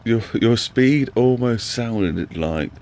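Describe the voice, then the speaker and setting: A man streaming a racing game, chatting excitably and reacting to every turn of the race. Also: mid-range voice, slow pace. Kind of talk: live racing game commentary. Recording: loud game car noise underneath. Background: loud racing car engine noise.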